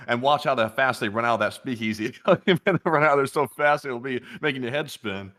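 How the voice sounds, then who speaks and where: A man co-hosting a news stream, reading out viewer questions and chatting in a relaxed, chuckling, rambling way. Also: medium pitch, brisk, hardly any pauses. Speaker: co-host reading chat questions. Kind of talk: casual joking chat with co-host.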